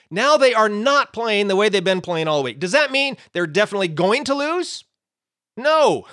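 A Bible teacher with a high voice talks through a lesson in a relaxed, conversational way, swinging his pitch up and down with lots of life. He explains with everyday examples and keeps checking in with his listeners. The sound is dry and close, with no room echo.

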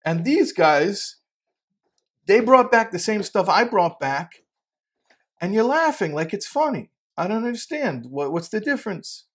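A bewildered young son-in-law asks his earnest questions in a slightly raised, slow voice. A man puts him on while telling a parable. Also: high voice, big pitch swings, a bit bright, pitched above the performer's own voice, exaggerated voice. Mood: puzzled.

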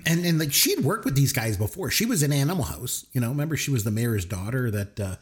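A man co-hosting a casual movie podcast, chatty and animated. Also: medium pitch, quick pace. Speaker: podcast co-host.

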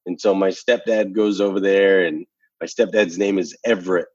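A man's voice: deep voice, fairly even intonation, normal speed, a little mellow, husky, no echo, muffled recording. A man guest telling a personal story in a casual conversation, emphatic and repeating phrases for effect, ending with a motivational challenge. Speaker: podcast guest.

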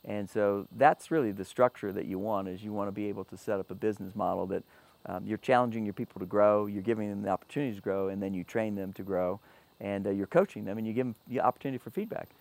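A man's voice: on the low side, fast, vocal fry, darkish tone, dry recording. A man talking earnestly as a guest about running a business and treating staff well. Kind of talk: casual panel talk.

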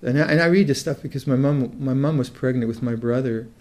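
An older man teaches meditation aloud, his mid-range voice mellow and relaxed as he works through his thoughts. Thoughtful and halting, he begins phrases over and over before settling in, with the unhurried feel of a dharma talk.

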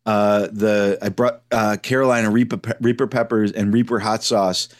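On a casual podcast, a co-host with a lowish voice tells stories at a normal speed, animated and full of acted-out voices. There's no room sound on the recording.

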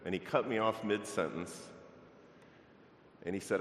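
A middle-aged man preaches from the pulpit, his low voice telling a personal story in a loose, conversational way. He is heard over a church microphone, and the sound rings around a large, echoey sanctuary with a long reverb tail. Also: a little slow, long pauses, a little hiss or hum. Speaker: pastor. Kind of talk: sermon.

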